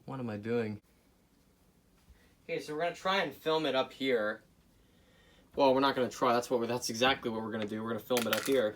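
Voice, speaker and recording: A man hosting a casual repair video, rambling and joking to his viewers as he works, often away from the camera and now and then breaking into loud bursts. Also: medium pitch, a little fast, pauses often, background noise. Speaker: hobbyist video host repairing a clock. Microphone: camera mic, speaker often away from camera.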